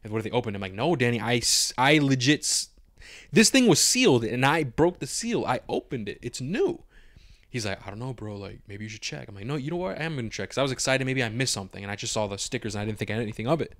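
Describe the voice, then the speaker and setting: A young man on a podcast telling a long story in casual chat, animated, swearing freely and acting out what everyone said. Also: medium pitch, quick pace, dry recording. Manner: animated, swears a lot, acts out his own quotes. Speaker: podcast co-host.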